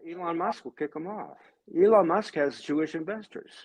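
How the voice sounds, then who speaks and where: A man in his seventies, a religious brother and guest, talking in an emphatic, ranting way. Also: normal speed. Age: 70s. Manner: emphatic, ranting, swinging pitch and loudness. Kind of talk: heated conversational monologue.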